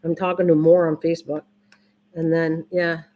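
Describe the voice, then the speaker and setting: Over narrow, tinny audio, an older crafting livestream host talks in a low, level voice at normal speed. Her casual chat with viewers rambles and repeats, with frequent restarts.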